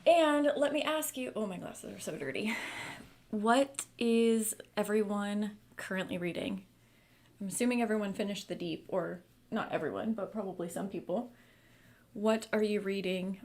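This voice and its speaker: Woman running a book club stream, mid pitch, talks loosely w lots of fillers, reads the chat out loud. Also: normal speed. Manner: chatty, reads viewer comments aloud, many fillers. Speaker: book club livestream host. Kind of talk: casual livestream chat.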